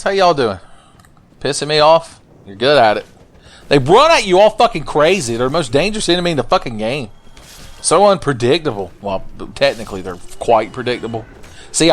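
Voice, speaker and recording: A man giving let's play commentary in a jokey, profane, rambling way. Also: medium pitch. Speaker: gameplay commentator.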